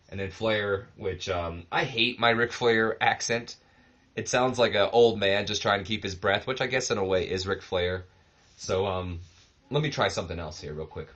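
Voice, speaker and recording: A man's voice: on the low side, moderate pace, dull audio. A man casually commenting on his wrestling game, rambling with lots of fillers. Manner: rambling, relaxed, many fillers. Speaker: host of a wrestling management game series.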